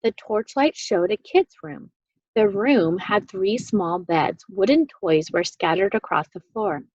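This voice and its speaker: A woman reading a children's book aloud with expressive, animated storytelling. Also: medium pitch, a little slow, no room sound, muffled recording. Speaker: reader.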